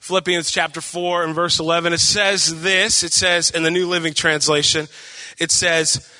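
Bright-voiced young pastor in echoing hall. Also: male voice, on the high side, flat delivery, normal speed. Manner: chatty, joking, talks to the congregation with questions. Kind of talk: casual sermon. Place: church hall with long reverb. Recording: reverberant church hall.

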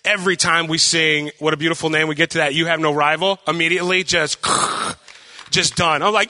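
A man's voice: fairly high pitch, steady tone, brisk, pushed and bright. A young man preaching a casual sermon, chatty and joking, asking the congregation questions. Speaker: pastor. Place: church hall with long reverb. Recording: reverberant church hall.

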